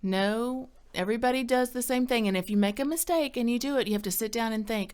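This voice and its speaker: A woman's voice: a little high, fast talker, hardly any pauses, darkish tone, clear, resonant tone. A middle-aged woman, director of a counseling center, giving friendly, chatty parenting advice to the camera in an upbeat way. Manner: chatty, upbeat, acts out quoted dialogue, laughs easily.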